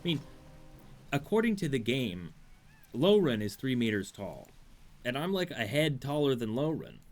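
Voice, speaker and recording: A man's voice: mid-range voice, wildly swooping pitch, moderate pace, darkish tone. A man streaming a video game, giving rambling, wry commentary that easily drifts off topic. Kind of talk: let's play commentary.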